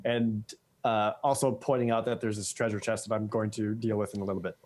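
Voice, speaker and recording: Relaxed player at a tabletop game. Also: medium pitch, fairly quick. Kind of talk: casual tabletop game play.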